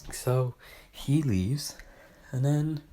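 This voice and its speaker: A man's voice: mid-range voice, extremely slow, mellow, a little hiss or hum. A young man casually reviewing a book, rambling and sarcastic, often correcting himself mid-sentence.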